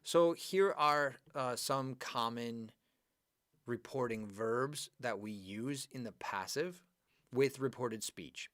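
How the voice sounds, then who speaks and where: A man teaching an online English grammar lesson, talking to students by name in a chatty, animated way. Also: medium pitch, takes it slowly, dry recording, clean studio sound.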